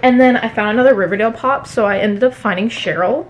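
A woman chatting casually at home in a haul vlog, talking fast with many fillers. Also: a little high. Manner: chatty, fillers every few words. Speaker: book vlogger.

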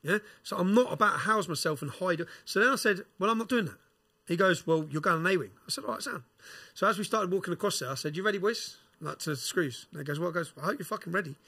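A man tells a rough story on a podcast, animated and quick. His voice sits high and sounds husky, with a bright edge. He swears and uses slang. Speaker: podcast guest. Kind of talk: casual storytelling.

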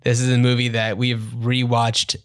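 A man's voice: mid-range voice, completely flat delivery, normal speed, a bit bright, dry recording. Chatty man podcast co-host, dry sound. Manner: chatty, summarizing with frequent fillers. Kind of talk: casual chat.

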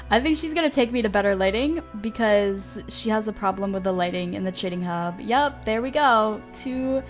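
A woman hosting a gameplay vlog, talking in a gushing, excitable way and often repeating herself. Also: mid-range voice, normal speed, faint music behind. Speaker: gaming channel host.

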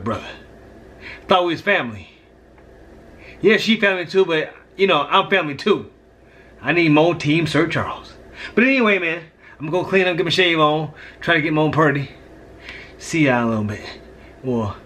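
A man's voice: medium pitch, a bit bright, slight background noise. A man talking casually to the camera in a home kitchen, slangy and chatty, calling his viewers fam. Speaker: prank vlogger, husband. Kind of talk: casual vlog talk to camera. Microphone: camera set on top of refrigerator.

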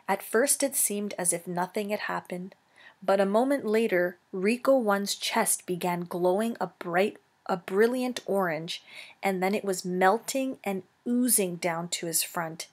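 A woman teacher reading a children's novel aloud, slow and careful, correcting herself now and then. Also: medium pitch, darkish tone, breathy edge.

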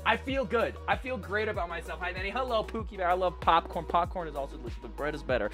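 Young male streamer, upbeat and chatty, cusses a lot; bright voice, faint music behind. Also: sits high, lively intonation, quick pace, hardly any pauses. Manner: upbeat, chatty, swears freely. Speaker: livestreamer. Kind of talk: casual live-stream chat.

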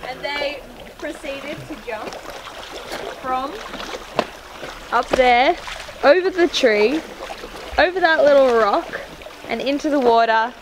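A woman's voice: high voice, takes it slowly, pauses often, noisy background. A young woman chatting outdoors on a hike, dry and teasing. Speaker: travel companion. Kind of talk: casual chat. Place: outdoors on a hiking trail.

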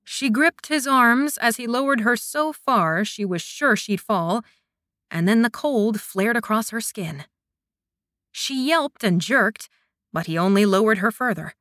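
A woman reads a fantasy romance audiobook in an even storytelling manner. Her voice is bright, and the sound is dry and close. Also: fairly high pitch, measured pace, dry recording. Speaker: audiobook narrator. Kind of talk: scripted narration.

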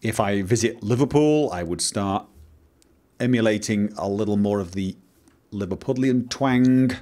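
His fairly low, mellow voice moves a little slowly as this Let's Play host from Manchester, England commentates the game he plays. He has a Mancunian English accent and rambles theatrically, with exclaiming inflections.

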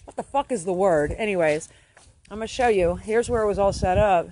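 A woman's voice: mid-range voice, a little fast, a little mellow. A woman livestreaming from her phone outdoors while tending beehives. She swears freely and swings between stress and delight. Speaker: beekeeper livestreaming her hives. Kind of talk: casual livestream. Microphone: phone held while working.

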